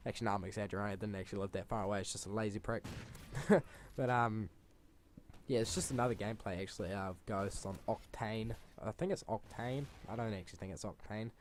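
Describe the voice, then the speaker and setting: A man's voice: lowish voice, fast, a little hiss or hum. A young man, a gaming channel host telling a rambling school story over gameplay, swearing freely and exaggerating.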